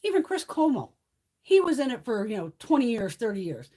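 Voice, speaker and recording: A woman's voice: on the high side, very animated, a little fast, dark tone. A woman hosting a casual livestream chat, ranting heatedly and swearing freely. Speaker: beauty vlogger hosting a livestream.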